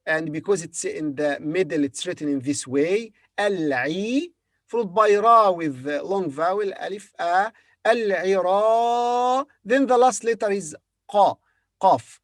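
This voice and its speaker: A man leads a beginner language lesson at an unhurried, very slow pace. He spells each word out letter by letter and repeats it over and over for the learner. The sound is dry and close, with no room echo. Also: high voice, animated, fairly bright tone. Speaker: Arabic teacher.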